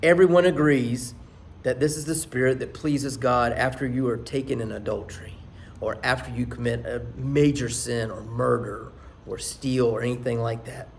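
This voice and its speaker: A man's voice: mid-range voice, creaky, slight background noise. A male pastor delivering a sermon, reading scripture with rising force and dropping to near whispers for emphasis. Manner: emphatic preaching that rises for scripture quotes and drops to near whispers.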